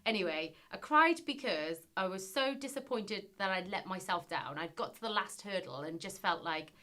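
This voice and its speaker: A woman in a casual interview, telling her stories with animated delivery and acting out what people said. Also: mid-range voice, moderate pace. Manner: animated storyteller, acts out quotes. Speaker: guest, former reality TV business contestant.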